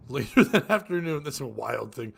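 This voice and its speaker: A man co-hosting a comedy podcast, reading crude jokes aloud and breaking into loud laughter. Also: medium pitch, big pitch swings, normal speed, vocal fry, a crowd in the background. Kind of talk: casual comedy podcast chat.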